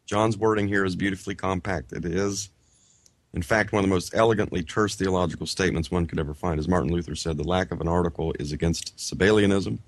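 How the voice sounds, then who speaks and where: Deep-voiced guy reading a greek grammar book out loud, dry close sound, stops to chat in between. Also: fairly even intonation, no echo. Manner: reads in measured phrases, then breaks off into chatty asides; sounds out Greek words slowly and carefully. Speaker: co-host of a Bible Greek study show. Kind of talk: reading a grammar textbook aloud and explaining it.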